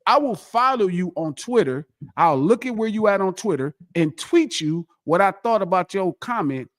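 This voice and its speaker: A man's voice: high voice, animated, moderate pace, dry recording, studio quality. A man guest on a podcast, chatting casually and boastfully, repeating himself for emphasis. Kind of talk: casual chat.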